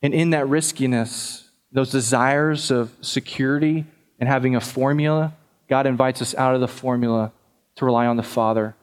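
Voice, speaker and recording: A man's voice: medium pitch, steady tone, moderate pace, clear, resonant tone. A man preaching a sermon as pastor, talking conversationally to the congregation and often repeating words.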